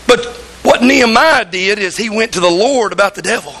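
A man's voice: high voice, a little fast, bright, forceful tone, low-quality recording. A pastor preaching a fervent sermon in church, acting out voices in the stories he tells.

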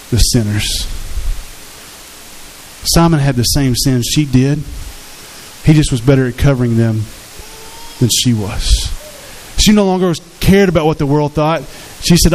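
A man's voice: medium pitch, measured pace, pauses often, a little mellow, a little hiss or hum, low-quality recording. A man preaching a sermon as pastor, earnest and conversational, acting out quotes from his congregation.

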